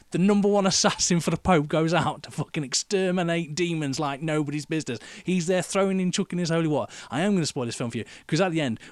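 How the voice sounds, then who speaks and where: Animated man, high-ish voice. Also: no room sound. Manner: animated, laughing, sweary, says "mate" a lot. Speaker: podcast co-host. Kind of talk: casual comedic film review chat.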